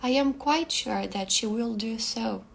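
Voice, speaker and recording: A woman reading aloud, voicing a quiet, formal, courteous male lawyer in a short story. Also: on the high side, a little slow, gravelly, husky, heavily acted.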